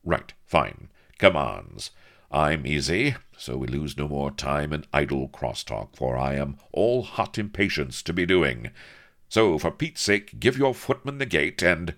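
A man as a stiff, guarded gentleman captain. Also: very deep voice, a little slow, few pauses, full character voice. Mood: impatient. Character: flustered, formal young gentleman captain.

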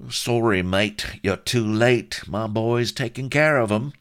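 A man voicing a calm, sly shopkeeper who talks in cheeky, slangy, dropped-letter speech, higher than his own voice. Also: slow pace, smooth. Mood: complacent. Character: calm, sly, common-spoken male shopkeeper.

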